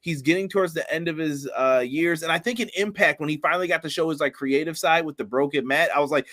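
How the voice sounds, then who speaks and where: Guy co-hosting a wrestling podcast, kinda high voice, laughs a lot, reads chat comments. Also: fast, few pauses, a bit bright. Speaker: podcast co-host. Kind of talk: casual wrestling review chat.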